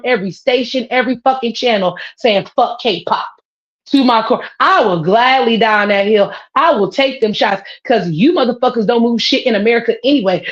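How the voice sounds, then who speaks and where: A woman with a high voice holds forth in casual podcast talk, heated and profane. The recording sounds dull and lo-fi. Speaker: podcast co-host. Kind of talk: casual chat.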